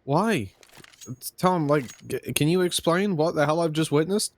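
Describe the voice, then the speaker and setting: A man's voice: a little high, normal speed. Joking male esports caster. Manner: joking, teasing, animated. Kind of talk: esports commentary banter.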